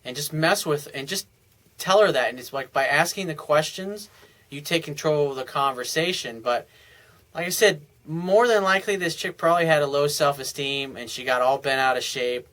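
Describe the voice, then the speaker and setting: A man's voice: on the high side, moderate pace, a bit bright, low-quality recording. A man giving casual, blunt dating advice as a coach, answering a viewer's email in a conversational monologue.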